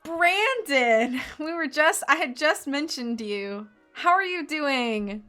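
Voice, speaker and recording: A woman's voice: sits high, animated, slow pace, sharp tone, faint music behind. A woman streamer reading a book aloud live and chatting in giggly, rambling asides.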